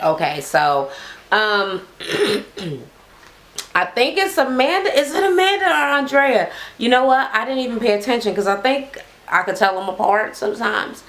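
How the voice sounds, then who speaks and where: A woman casually recapping a reality TV episode, swearing heavily and talking in slang, acting out people she quotes in a raised voice. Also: medium pitch. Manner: heavy swearing, slangy, drawling.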